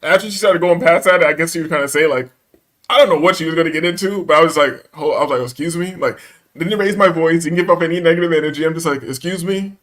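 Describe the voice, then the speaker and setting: A man's voice: fairly high pitch, fast talker, a bit bright. A man telling a story in casual chat, acting out the quotes and laughing often, with profane slangy banter.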